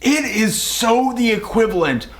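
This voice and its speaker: A man's voice: very high-pitched, animated, a little slow. A man co-hosting a movie review podcast in casual, joking chat, swearing freely.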